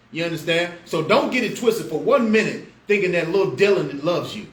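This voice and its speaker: A man's voice: animated, moderate pace, few pauses. Fiery slangy preacher man, echoey room. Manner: fiery, swings between loud outbursts and low asides, slangy. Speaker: street preacher teacher. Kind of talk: preaching street-style Bible class. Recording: echoey room with faint background noise.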